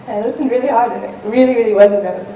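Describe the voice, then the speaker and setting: A woman's voice: on the high side, racing, mellow. A woman giving a storytelling talk on stage, conversational, with frequent ums and restarts. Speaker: talk speaker, adventurer. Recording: roomy and distant with faint noise.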